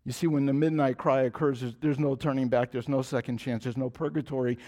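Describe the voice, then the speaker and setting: Preaching at a fairly quick clip with fairly even intonation, this pastor delivers an earnest sermon full of repeated phrases and frequent restarts, lowering his voice to a soft hush to stress key points.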